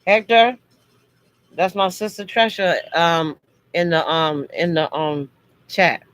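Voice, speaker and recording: A woman's voice: fairly low pitch, fairly even intonation, takes it slowly, a bit bright, poor audio. A woman chatting casually on a livestream to her viewers. Her delivery comes across harsh and blunt. She still means it kindly. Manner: talks harshly and bluntly, as she says, but means no harm. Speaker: livestream host.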